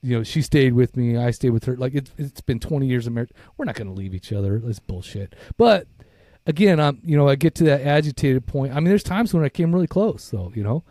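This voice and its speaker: A man's voice: mid-range voice, expressive, a little fast, dark tone, no echo, studio quality. A middle-aged man co-hosting a recovery podcast, talking candidly with profanity and plenty of fillers. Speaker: podcast co-host. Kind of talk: casual recovery podcast talk.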